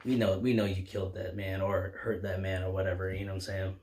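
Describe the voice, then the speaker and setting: A man with a fairly low voice, talking loosely and casually as he walks through a comic book story. He rambles, piling on fillers and false starts as he retells each scene. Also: little pitch movement, quick pace, a little mellow. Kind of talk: casual recap chat.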